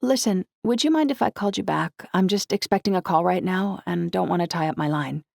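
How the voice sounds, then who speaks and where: A woman voicing a teenage girl with a rough, raspy voice, earnest and anxious. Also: lowish voice, fairly quick, darkish tone, no room sound, pitched above the performer's own voice. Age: teens. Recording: dry close audiobook recording.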